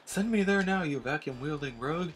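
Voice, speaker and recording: A man raises his voice to play a grandiose female ghost fortune teller from a video game. She chants and swoons over her crystal orb in a high, theatrical register, full of melodrama. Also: animated, fairly quick, fairly bright tone, slight background noise. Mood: dramatic. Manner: melodramatic, incantatory.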